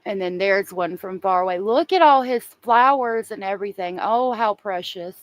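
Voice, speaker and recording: A woman's voice: mid-range voice, normal speed. A woman hosting a true crime livestream, talking casually and emotionally and answering viewers in the chat.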